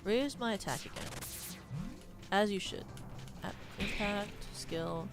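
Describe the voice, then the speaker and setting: A young woman streaming a game and reacting live, swearing often and breaking into sudden loud outbursts. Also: mid-range voice, takes it slowly, music in the background. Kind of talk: live gameplay commentary.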